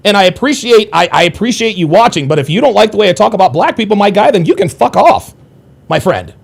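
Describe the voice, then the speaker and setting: Male live-stream host, high and animated delivery, profane and combative. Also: quick pace, creaky, slightly rough. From United States. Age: adult. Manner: profane, combative when angered. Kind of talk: live stream chat, reading viewer comments.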